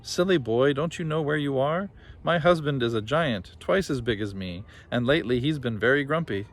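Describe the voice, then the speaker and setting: A man's voice: expressive, normal speed, lightly acted. A man doing a bossy giant housewife. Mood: scolding. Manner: scolding, high put-on voice.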